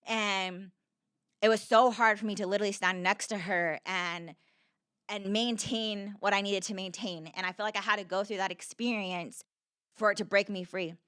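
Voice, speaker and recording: A woman's voice: medium pitch, fairly even intonation, moderate pace, a bit bright, clear, resonant tone, dry recording, clean studio sound. A young woman, a podcast guest, telling her story in an earnest, conversational way, repeating herself and filling with "like".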